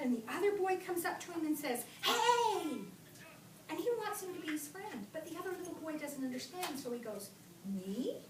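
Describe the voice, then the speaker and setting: A woman teaching a class of young children, reading aloud slowly and leading the lesson in an animated, sing-song way, recorded in a classroom. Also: high voice, background noise. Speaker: kindergarten teacher. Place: classroom, indoors. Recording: roomy classroom from a distant camera.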